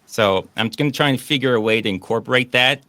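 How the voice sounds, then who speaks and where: A man's voice: medium pitch, fast talker, sharp tone, no echo. A man hosting a casual online chat, joking and sarcastic. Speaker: podcast host.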